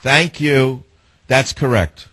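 Male talk radio host, husky and dry, sarcastic and lecturing toward callers. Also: mid-range voice, slow, a bit bright, no echo. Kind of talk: talk radio taking calls.

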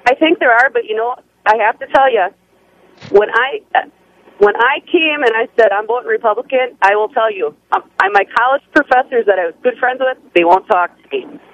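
A woman's voice: a little high, animated. Blunt woman caller on a phone line. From Wisconsin. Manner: blunt, emphatic, quick to laugh. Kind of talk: call-in radio talk.

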